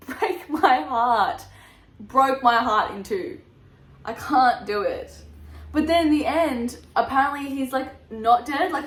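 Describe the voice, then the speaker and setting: A young woman reviewing her favourite books in a casual vlog, gushing and animated, laughing often. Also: sits high, slight background noise. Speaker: book vlogger. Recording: echoey room.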